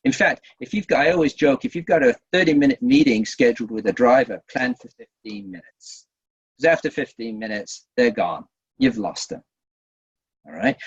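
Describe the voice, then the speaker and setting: A man leads an online workshop, his voice husky and lively, rising and falling as he explains. He often restarts phrases and tags on a quick "right?". The sound is dull and lo-fi, like a webinar recording. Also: mid-range voice. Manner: lively, repeats himself, asks the audience "right?". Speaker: workshop trainer. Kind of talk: webinar teaching.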